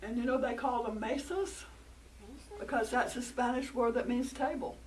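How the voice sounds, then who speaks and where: A woman telling a folktale to children, animated and coaxing them to join in. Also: a little high, normal speed, crowd noise. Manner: animated, coaxing, interactive with listeners. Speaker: storyteller. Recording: distant mic, noisy room.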